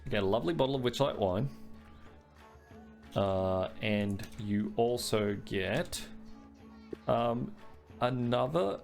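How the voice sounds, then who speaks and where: A man's voice: mid-range voice, takes it slowly, gravelly, pauses often, a little mellow, faint music behind. A man narrating a tabletop game as dungeon master, loose and chatty with frequent fillers.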